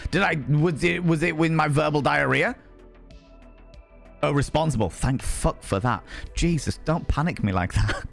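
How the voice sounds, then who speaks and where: A man's voice: a little high, creaky. Rambling, cheerfully sweary male streamer. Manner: swears freely, rambling and animated. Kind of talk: casual live-stream chat.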